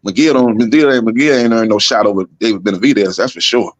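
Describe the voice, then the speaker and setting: Fast-talking man, dull dry mic. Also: fairly low pitch, no room sound. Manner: fast, loose, repeats himself. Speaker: boxing podcast co-host. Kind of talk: casual chat.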